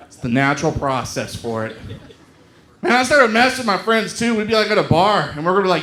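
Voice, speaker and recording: A man doing a stand-up comedy set on a club stage, loud and animated as he acts out the people in his stories. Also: high voice, fairly quick, reverberant.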